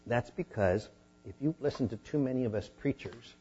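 A man preaching a sermon as a pastor, teaching a Bible passage in a conversational way and rising to animated emphasis at times. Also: medium pitch, moderate pace, lo-fi sound, a little hiss or hum.

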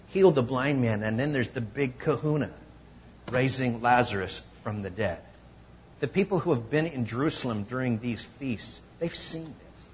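A man preaching a conversational sermon, teaching from scripture and acting out quoted voices with lively emphasis. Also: medium pitch, highs cut off, a little hiss or hum. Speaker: pastor.

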